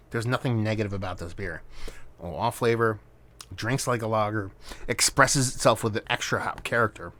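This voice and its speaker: A man talking through a beer review in a loose, casual way. He rambles, circles back, and leans heavily on fillers like "kind of" and "like." His pitch sits right in the ordinary middle for a man. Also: fairly bright tone. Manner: rambling, hedging with lots of fillers.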